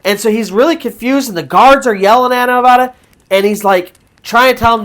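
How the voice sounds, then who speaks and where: A man's voice: high voice, lively intonation, fast talker, a bit bright. A man hosting a storytelling channel, retelling a true ghost story in a loose, conversational way with fillers and restarts. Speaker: storyteller host.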